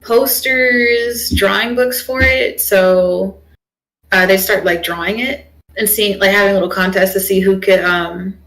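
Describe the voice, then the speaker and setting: A woman's voice: medium pitch, steady tone, a little slow, fairly bright tone, rough recording. A young woman streamer chatting casually while she draws, rambling with lots of fillers. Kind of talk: casual chat while drawing.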